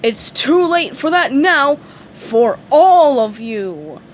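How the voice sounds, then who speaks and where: A woman's voice: high voice, very animated, takes it slowly, a little hiss or hum, pitched above the performer's own voice, exaggerated voice. A woman voicing a furious male starfish turned monster, bellowing threats in a raised voice. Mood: vengeful.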